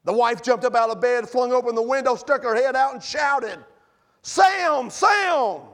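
A middle-aged man preaching a sermon in a church sanctuary, swinging from impassioned near-shouting to hushed pleading. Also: very high-pitched, flat delivery, fairly quick. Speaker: pastor.

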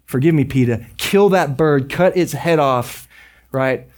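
A man preaching a sermon as a pastor, conversational and joking with quick asides. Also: mid-range voice.

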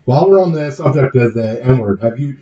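A man's voice: medium pitch, lively intonation, brisk, echoey room, heavy background noise. A man co-hosting a podcast, agreeing eagerly and laughing often in casual banter. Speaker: podcast co-host. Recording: distant, dull mic.

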